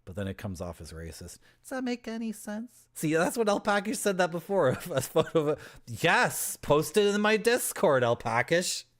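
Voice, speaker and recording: A streamer from Toronto, Canada, talks through his gameplay casually, joking with his chat and laughing often. His voice sits high with a sing-song lilt and a fairly bright tone, moving at normal speed with few pauses.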